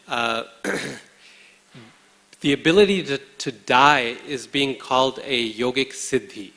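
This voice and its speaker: A man from India giving a scripture class in a large temple hall, speaking in a measured, conversational way with many hesitant pauses. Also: medium pitch, fairly bright tone. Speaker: preacher. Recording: long hall reverb.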